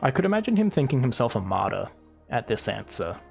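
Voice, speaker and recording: Brief: male streamer, mid-pitched voice, reads on-screen game text with wry remarks, soft game music underneath. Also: very animated, a little fast, gravelly. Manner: wry, reads dialogue aloud with asides. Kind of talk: live gameplay commentary, reading game text aloud.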